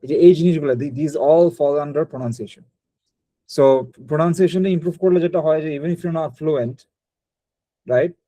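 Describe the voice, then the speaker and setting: Fast-talking man teaching. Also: a little high, dark tone, dry recording, rough recording. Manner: rapid mix of English and Bengali, frequent restarts. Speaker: spoken English teacher. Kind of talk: live online class feedback.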